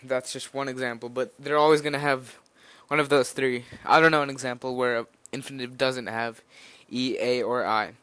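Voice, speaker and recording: A man's voice: medium pitch, fairly even intonation, moderate pace, hardly any pauses, sharp tone, clean tone, no echo. A nervous young man giving an informal spoken language lesson, rambling a little with fillers and restarts as he explains. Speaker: language teacher.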